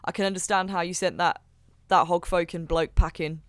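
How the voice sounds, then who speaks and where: A player in a tabletop game, excitable and quick to laugh. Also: mid-range voice, no room sound.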